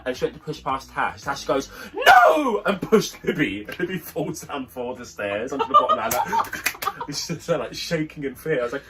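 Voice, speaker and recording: A man's voice: medium pitch, fairly quick, hardly any pauses. A young man co-hosting a review show, telling a long story in casual chat and acting out the voices of the people in it. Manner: chatty, animated storyteller, acts out voices. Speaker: podcast co-host.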